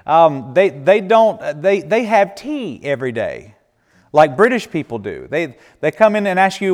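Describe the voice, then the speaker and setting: This man's voice is on the high side, a little mellow, very animated, and a little slow. Giving a church Q&A talk as a missionary speaker, he tells homespun stories, answers questions, laughs often, and restarts his sentences, all in a reverberant hall.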